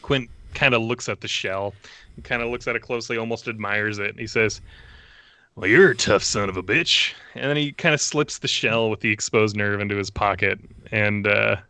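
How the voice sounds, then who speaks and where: A man's voice: lowish voice, fairly even intonation, brisk, sharp tone, clean tone, no room sound. A man playing a tabletop game, easygoing as he narrates his character's actions. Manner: easygoing, describes actions with frequent fillers. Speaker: player.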